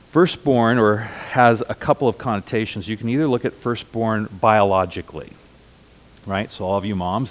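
A middle-aged man with a slightly low voice delivers a sermon to his congregation. He teaches in a conversational way, slowing down and repeating key phrases for emphasis. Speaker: pastor.

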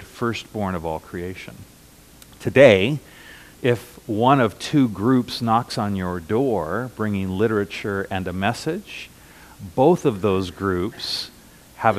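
A middle-aged man with a slightly low voice delivers a sermon to his congregation. He teaches in a conversational way, slowing down and repeating key phrases for emphasis. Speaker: pastor.

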